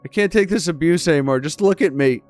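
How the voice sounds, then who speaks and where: A man's voice: on the high side, fast talker, darkish tone, faint music behind, lightly acted. A man voicing a distraught young woman student, bitter and desperate, in pleading, accusing outbursts. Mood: anguished.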